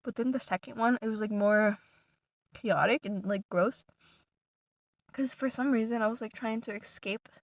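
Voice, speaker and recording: A woman with a fairly high voice tells a story straight to her viewers, rambling and circling back with constant "like" fillers. She drops some words to a hushed whisper. The sound is dry and close. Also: normal speed, long pauses, dry recording. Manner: rambling, full of "like" fillers and restarts; animated retelling, some words dropped to a whisper. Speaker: vlogger. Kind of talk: casual storytelling to camera.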